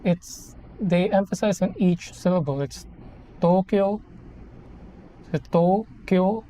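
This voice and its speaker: Chatting casually on a live stream as they build a model kit, a Filipino person in their thirties rambles and corrects themselves. Their mid-range voice is warm and moves at a moderate pace.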